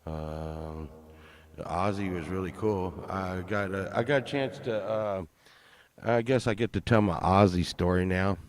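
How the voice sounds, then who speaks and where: A man's voice: sits low, a little slow. A man in his fifties telling a story on a stream, rambling, profane and full of fillers and restarts.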